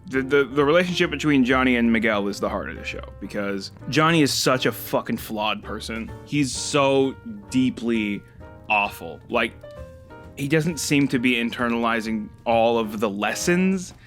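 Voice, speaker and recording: A man hosting a casual chat reviewing a show, talking in an animated way, swearing freely and jumping up in pitch when moved. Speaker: host.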